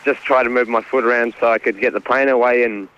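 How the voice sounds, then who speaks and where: A man's voice: mid-range voice, fairly even intonation, fast talker. A man calling into a radio show, easygoing and laughing often. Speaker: caller. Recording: dull phone line with faint noise.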